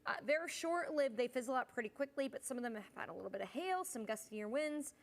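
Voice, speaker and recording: A young woman meteorologist hosts a live weather stream in a relaxed, chatty way, reading out viewer comments as she goes through the forecast. Her voice sits a little high, and she sounds tired, stifling yawns between updates. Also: fast. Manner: chatty, reads viewer comments, yawning and apologizing. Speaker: meteorologist, fill-in host.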